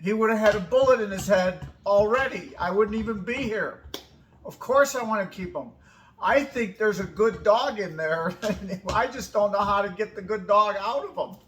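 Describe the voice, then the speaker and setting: A woman's voice: mid-range voice, normal speed, a little hiss or hum. A woman in her fifties telling a personal story in a casual, emphatic way, acting out both sides of each exchange. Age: 50s.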